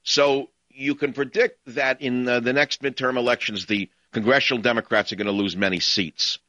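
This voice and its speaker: A man's voice: medium pitch, steady tone, moderate pace, sharp tone, no room sound. A man hosting a call-in talk radio show, ranting in a combative, scornful way over dull lo-fi broadcast audio.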